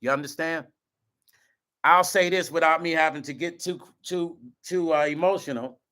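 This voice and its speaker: A man's voice: a little high, normal speed, pushed and bright. Choked-up man talking to his viewers. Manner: earnest, repeats himself, addresses viewers as y'all. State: choked up, near tears. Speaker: vlog host. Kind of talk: emotional direct-to-camera talk.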